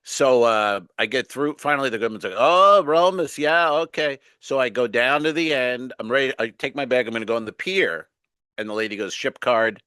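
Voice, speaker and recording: Bright-voiced comic telling a travel story. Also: male voice, mid-range voice, fast talker, smooth, dry recording. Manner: animated storyteller acting out other people's lines. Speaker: comedy podcast co-host. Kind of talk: casual storytelling chat.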